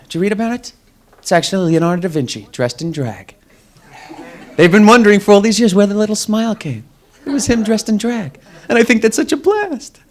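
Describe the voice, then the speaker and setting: A young man works a club stage with a stand-up set, his voice sitting high. He is wry and mocking, and he keeps slipping into quick quoted voices. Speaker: stand-up comedian. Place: comedy club stage with live audience.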